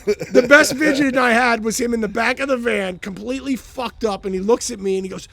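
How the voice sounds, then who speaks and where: A middle-aged man with a high, gravelly voice hosts a relaxed live Q&A with his band. He swears freely and laughs his way through tour stories. His talk is loose and friendly. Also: a little fast, dry recording. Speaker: band member hosting a live Q&A. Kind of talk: casual chat.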